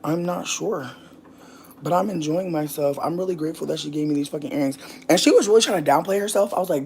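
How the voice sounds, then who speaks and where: A young woman from the US talks casually to camera, rambling and cursing with brash humor. She is a little out of breath and swings between low mutters and loud outbursts. A faint hiss sits under her voice. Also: fast. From United States. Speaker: vlogger.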